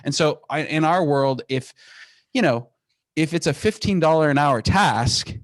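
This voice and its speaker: A man's voice: on the high side, no room sound. A man guest on an interview podcast, talking with energy and restarting phrases as he tells business stories. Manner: energetic, animated storytelling with quick restarts. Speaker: guest, company founder.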